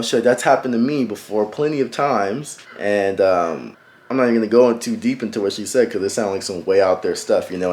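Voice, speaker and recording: A young man telling a personal story to camera in a reflective way, often pausing and searching for words. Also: mid-range voice. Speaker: vlogger.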